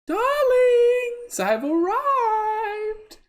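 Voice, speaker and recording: A woman's voice: extremely high pitch, sing-song, voice pushed up, full character voice. A game master putting on a theatrical lady saying "darling". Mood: grand entrance. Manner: drawn-out, affected, calls everyone darling. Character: grand, theatrical woman helper of adventurers.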